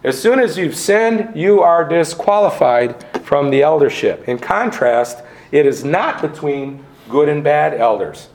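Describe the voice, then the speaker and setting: Preacher with a fairly high voice in a roomy space. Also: male voice, animated, darkish tone. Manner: deliberate, emphatic, lists synonyms slowly. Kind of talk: expository sermon. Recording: roomy echo.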